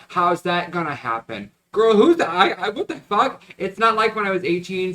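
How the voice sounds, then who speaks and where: A man's voice: on the high side, bright, forceful tone. A man in his twenties talking candidly to a phone camera on the go, swearing and switching between jokes and venting. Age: 20s. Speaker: vlogger. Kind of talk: casual vlog talk to camera. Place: out and about, car and stores.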